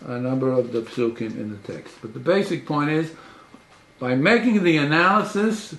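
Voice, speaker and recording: A man lecturing as a professor, his voice pitched a little above the usual for a man. He talks haltingly, restarting phrases and jumping up in pitch to stress key words. The room around him rings with echo. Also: expressive, fairly bright tone, a little hiss or hum. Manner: halting, with repeated restarts and frequent pitch jumps for emphasis. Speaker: professor giving a talk.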